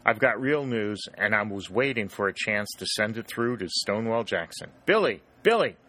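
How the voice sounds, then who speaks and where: A man voicing a powerful middle-aged farm woman who speaks loudly and bluntly. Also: lowish voice, moderate pace. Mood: defiant. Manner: loud, exclaiming.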